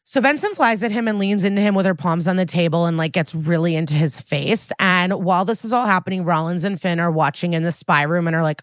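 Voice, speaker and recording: A woman's voice: on the low side, quick pace, hardly any pauses, no echo, studio quality. Chatty sarcastic woman podcast host. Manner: chatty, sarcastic, swears freely. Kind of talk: casual episode recap.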